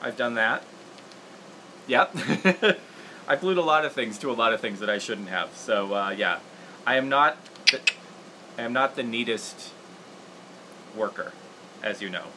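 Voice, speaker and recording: A man's voice: medium pitch, animated, a little slow, pauses often, pushed and bright, slight background noise, low-quality recording. A man hosting a casual livestream puppet-making tutorial, rambling and laughing at himself as he works. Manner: rambling, laughing, self-deprecating. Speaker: puppeteer host.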